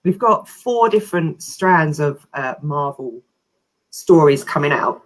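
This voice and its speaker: A woman's voice: low-pitched, expressive, unhurried. A woman hosting a live video chat, cheerful and a little hesitant as she moderates. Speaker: host. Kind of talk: casual chat. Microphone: video call.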